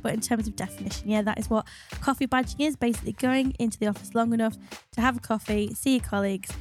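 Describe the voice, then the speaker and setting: A woman, a business psychologist co-hosting a podcast, upbeat and quick to laugh, sounding stuffed up from a cold. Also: on the high side, fairly even intonation, faint music behind.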